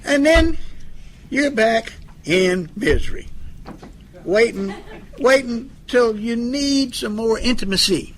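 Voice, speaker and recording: A man's voice: very high voice, lively intonation, slow, a little hiss or hum. A middle-aged man giving a humorous, folksy talk on relationships in recovery to an audience, acting out both sides of a couple's fights. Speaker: speaker on addiction recovery.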